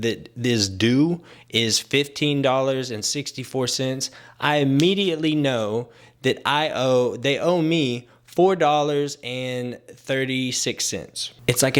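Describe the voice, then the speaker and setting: A man's voice: mid-range voice, smooth. A young man ranting casually to camera, exasperated and sarcastic, with filler-heavy talk. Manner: exasperated, sarcastic, mimics people he quotes. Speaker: vlogger.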